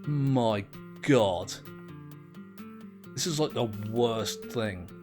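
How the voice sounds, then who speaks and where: A man's voice: mid-range voice, animated, extremely slow, over music. Rambling man narrating gameplay. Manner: rambling, self-mocking, easily amused. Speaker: gameplay commentator. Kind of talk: let's play commentary.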